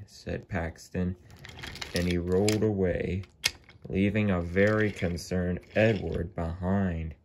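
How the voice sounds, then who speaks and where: Man, narrator, toy train story, plain delivery, deep voice. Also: fairly even intonation, slow, a little mellow, a little hiss or hum.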